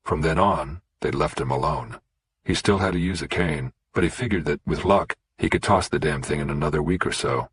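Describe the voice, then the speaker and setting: A man narrating a suspense audiobook in a steady, unhurried reading. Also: a bass voice, slightly rough, dry recording. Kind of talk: scripted narration.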